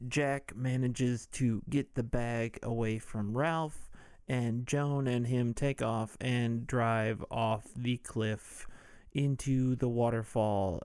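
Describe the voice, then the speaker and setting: Slow-talking male host, irreverent movie recap, dry close recording. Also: mid-range voice, a little mellow, smooth, no room sound. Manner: irreverent, jokey, swears freely. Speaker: podcast host.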